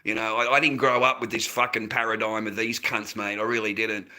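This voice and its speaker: Man, Australian accent, casual rant to camera, swearing nonstop, bright tense tone. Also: fairly low pitch, flat delivery, fairly quick. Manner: profane, swears constantly, ranting. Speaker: vlogger selling handmade masks.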